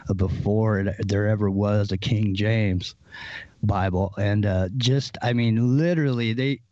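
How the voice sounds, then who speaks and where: A man speaks as a guest on a talk show, excited and eager as he chats, his voice sitting a little low. The audio comes through dull and lo-fi. It sounds dry and close, with no room around it. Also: measured pace, dry recording. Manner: enthusiastic, excitable. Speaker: podcast guest. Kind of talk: casual chat.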